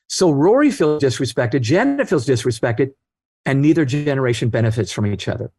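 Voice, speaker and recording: A man's voice: on the high side, big pitch swings, normal speed, darkish tone, breathy edge, no room sound, clean studio sound. Earnest man in his sixties telling stories. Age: 60s. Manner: earnest anecdotes, acts out quoted voices. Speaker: guest author. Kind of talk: storytelling interview talk.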